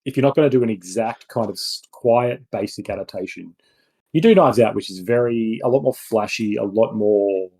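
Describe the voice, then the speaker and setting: A man's voice: lowish voice, moderate pace, mellow, low-quality recording. A man co-hosting a film review podcast, talking in a rambling, casual way with many restarts and asides. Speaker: podcast co-host.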